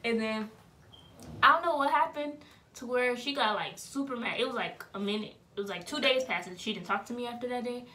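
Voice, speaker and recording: A young woman casually telling a personal story in an animated, dramatic way. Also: on the high side, a little fast, slight background noise. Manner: animated, dramatic, laughing retelling.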